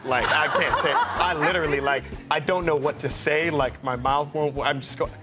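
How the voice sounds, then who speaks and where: A man's voice: a little high, over loud music. A man animatedly telling a personal story, laughing and stumbling over his words. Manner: excited, laughing, halting. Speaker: musician guest.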